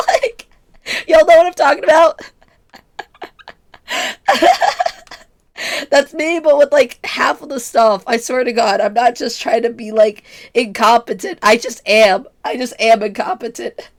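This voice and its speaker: A woman's voice: a little high, sing-song, unhurried, pauses often. A woman in her twenties streaming and chatting casually, giggly and self-mocking, her voice strained from illness. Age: 20s. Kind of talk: casual chat with chat.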